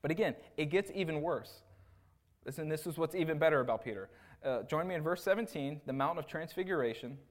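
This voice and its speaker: The assistant pastor speaks a little fast, his voice fairly high. He preaches casually, punctuating lines with "right?" and bringing his stories to life with acted asides and impressions of the people involved.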